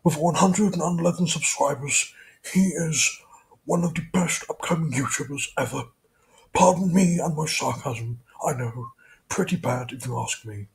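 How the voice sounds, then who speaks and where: A man doing a hushed nature-documentary narrator. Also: on the high side, normal speed, gravelly, poor audio. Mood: mock reverent.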